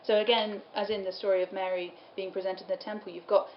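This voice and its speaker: A woman's voice: medium pitch, little pitch movement, fast talker. Woman lecturing in a roomy hall. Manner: explains medieval verse, reads poem lines aloud with a laugh now and then. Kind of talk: study-day lecture. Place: lecture room. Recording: roomy, dull, with faint room noise.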